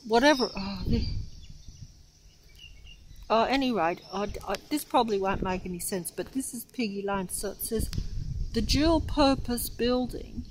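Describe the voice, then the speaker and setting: A woman's voice: mid-range voice, normal speed, pauses often, slight background noise, poor audio. An older woman vlogging outdoors, rambling and losing her place as she reads a plaque, often out of breath. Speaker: local history vlogger. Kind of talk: rambling walking vlog.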